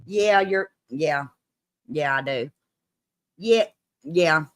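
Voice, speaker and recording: A woman's voice: low-pitched, very slow, a bit bright, dry recording. A woman from Kentucky with a Kentucky accent, hosting a casual live-stream chat and trading folksy Southern sayings with a laugh. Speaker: host.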